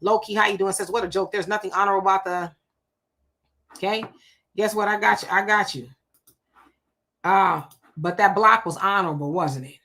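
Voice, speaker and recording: A woman's voice: medium pitch, normal speed, long pauses, sharp tone. A woman hosting a livestream, greeting commenters by name and reacting casually to their messages. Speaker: livestream host reading chat comments. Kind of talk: casual live-chat commentary.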